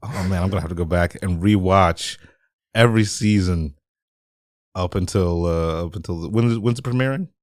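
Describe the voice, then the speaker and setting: A man co-hosting a casual podcast chat, relaxed and joking, swearing freely. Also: deep voice, moderate pace, dry recording, clean studio sound. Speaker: podcast co-host.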